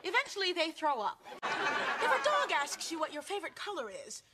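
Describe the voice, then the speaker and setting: A young woman performing a deadpan comic advice segment for a sketch show, breaking into sudden loud shouts. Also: very high-pitched, normal speed, over a noisy crowd. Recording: studio audience laughter, noisy. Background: studio audience laughing.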